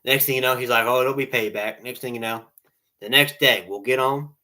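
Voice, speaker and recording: A man's voice: medium pitch, brisk, pushed and bright. A man telling rambling casual stories and jokes to online friends, often tacking on "all right?" and laughing at his own tales.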